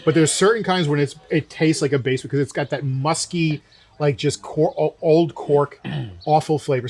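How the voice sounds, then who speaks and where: A young co-host, his voice sitting a little high, spins a casual story at a winery. He brings the characters to life by voicing their lines with lively quotes.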